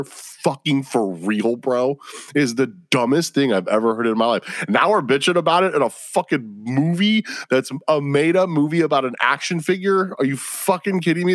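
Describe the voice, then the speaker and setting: A man's voice: medium pitch, no echo, clean studio sound. A man hosting a solo podcast, ranting in a casual, profane way packed with slang and exasperation. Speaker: podcast host.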